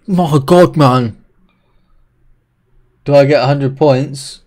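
Man, live game streamer, excitable, swears a lot, talks to viewers. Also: a little high, slow pace, pauses often. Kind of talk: live gameplay commentary.

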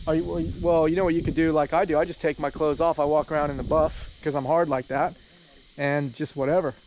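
A man's voice: fairly high pitch, level tone, quick pace, darkish tone, a little hiss or hum. A Canadian man vlogging outdoors in a rainforest, joking and boastful, rambling in casual chat.

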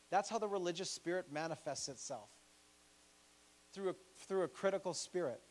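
A male pastor preaching a sermon in a church, animated and joking, acting out the voices he quotes. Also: high voice.

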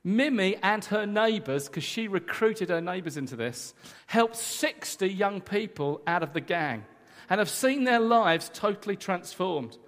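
Male preacher, lively and joking, high voice, long hall reverb. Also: a little slow. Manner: energetic, emphatic, joking with the congregation. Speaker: guest preacher. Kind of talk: sermon. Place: church hall.

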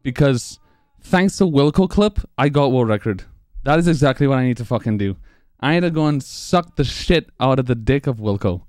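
A young man streaming live, excited and out of breath from laughing, swearing freely as he celebrates. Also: mid-range voice, moderate pace, few pauses, no room sound, studio quality. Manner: excited, profane, laughing between lines. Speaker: speedrun streamer.

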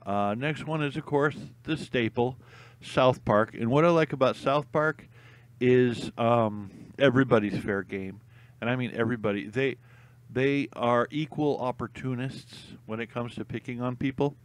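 A man's voice: mid-range voice, moderate pace, dry recording. A young man chatting casually to camera, rambling with lots of ums and uhs and frequent laughs. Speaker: vlogger.

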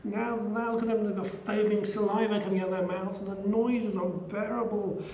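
A despairing young warrior prince begs to be spared the fight in a high, strained voice, as a man teaching a class puts him on. The tone stays mellow under the strain. The sound comes from a roomy hall with a faint hum behind it. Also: steady tone, a little fast, dull audio, natural voice.

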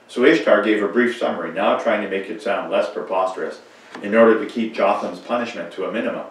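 A man's voice: sits low, brisk. A man reading a children's story aloud in a church, telling it expressively. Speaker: reader. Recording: echoey church from far off.

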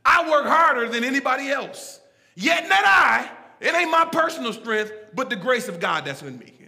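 A man preaching a sermon in a church, animated and folksy, calling out to the congregation and swinging between shouts and low asides. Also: normal speed, gravelly, in a large hall. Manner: casual, folksy phrasing. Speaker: pastor. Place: church sanctuary.

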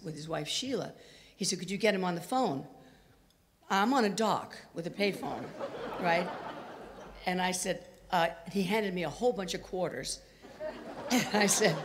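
A woman's voice: fairly low pitch, a little hiss or hum. Older woman, chatty storyteller, anecdotal speaking style, long echo of a lecture hall. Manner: chatty, anecdotal, acts out quoted lines. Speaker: guest speaker. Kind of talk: storytelling talk. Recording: reverberant hall.

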